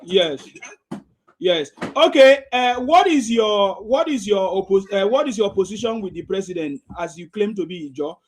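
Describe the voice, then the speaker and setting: Teasing high-voiced host. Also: male voice, lively intonation, moderate pace, a little hiss or hum. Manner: teasing, laughing, presses questions. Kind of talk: live discussion moderating.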